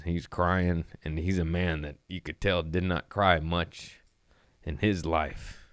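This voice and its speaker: Man comedian, deep smooth voice, rambling profane storyteller, dry close sound. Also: fairly even intonation, slow, fairly bright tone, no room sound. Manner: profane, rambling, laid-back. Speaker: stand-up comedian hosting his own show. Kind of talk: casual storytelling chat.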